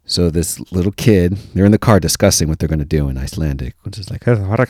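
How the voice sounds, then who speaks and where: A man hosting a podcast, telling a funny story with lots of laughter and mock-deadpan asides. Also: sits low, fast, no room sound, studio quality. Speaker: podcast host. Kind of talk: comic storytelling.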